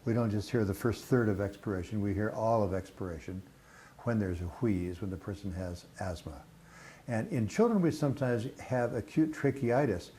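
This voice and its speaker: An older man teaching a clinical exam demonstration, calm and explanatory, with frequent pauses and fillers. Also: lowish voice, a little hiss or hum. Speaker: instructor.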